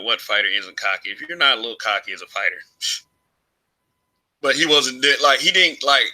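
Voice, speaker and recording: A man's voice: mid-range voice, sharp tone, poor audio. A man from Alabama giving his opinions in a casual vlog monologue, rambling, restarting phrases and chuckling often. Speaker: vlogger.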